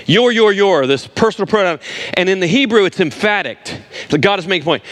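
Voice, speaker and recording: Emphatic preacher man, higher voice. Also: animated, a little fast, fairly bright tone. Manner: emphatic, repeats words for stress, addresses listeners directly. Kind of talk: sermon.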